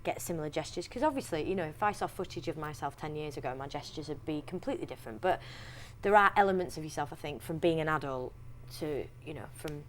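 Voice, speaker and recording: A young woman with a Yorkshire accent, chatting in an interview as an actress, talking freely with restarts and quick laughs. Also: low-pitched, a little hiss or hum. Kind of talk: casual interview chat.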